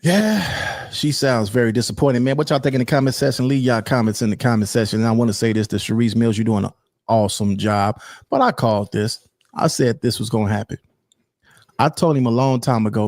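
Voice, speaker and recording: A man's voice: medium pitch, brisk, a little mellow, dry recording, studio quality. A man hosting casual commentary, talking straight to his viewers and repeating himself for emphasis.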